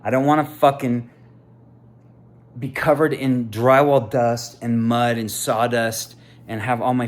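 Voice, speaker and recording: A man in his fifties, a contractor, swearing constantly in a personal rant to camera, swinging from loud outbursts to quiet musing. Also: medium pitch. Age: 50s. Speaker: contractor and aspiring sandwich maker.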